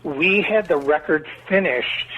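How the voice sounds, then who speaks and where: Chicago man, guest musician, rambling storyteller; husky voice on a tinny remote line. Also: a little high, a little slow, fairly bright tone. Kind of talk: casual interview talk.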